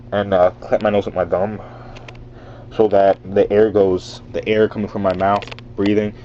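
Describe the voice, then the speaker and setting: A man's voice: lowish voice, lo-fi sound, slight background noise. A man casually explaining how to do a voice impression in a rambling, filler-heavy vlog. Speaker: vlogger teaching a voice impression.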